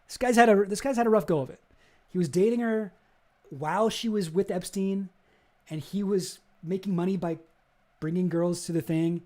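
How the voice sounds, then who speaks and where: A young man on a live stream giving casual commentary, animated and swearing as he gets worked up. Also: sits high, moderate pace.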